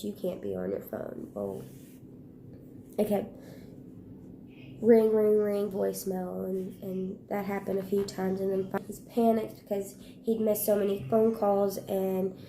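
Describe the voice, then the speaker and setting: Slow, gravelly, hushed woman vlogger. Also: mid-range voice, a little hiss or hum. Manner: halting, hushed retelling with pauses and restarts. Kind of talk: personal storytelling vlog.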